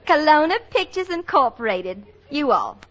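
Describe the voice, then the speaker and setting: A ditzy secretary with a fake Southern drawl. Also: female voice, high-pitched, big pitch swings, moderate pace. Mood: syrupy. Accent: exaggerated put-on Southern US drawl. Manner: sing-song, syrupy, over-the-top dialect. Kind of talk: 1930s film comedy acting. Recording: dull, hissy old film soundtrack.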